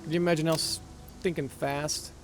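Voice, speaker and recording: A man's voice: a little high, level tone, moderate pace, a little hiss or hum. A man casually commentating his own gameplay, rambling, correcting himself and muttering as he plays. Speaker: gaming channel host. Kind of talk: casual let's-play commentary.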